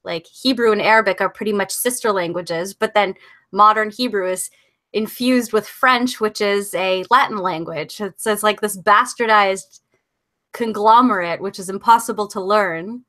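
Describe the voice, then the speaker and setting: A woman's voice: mid-range voice, moderate pace, pushed and bright. A woman guest in a casual conversation, explaining things at length with enthusiasm.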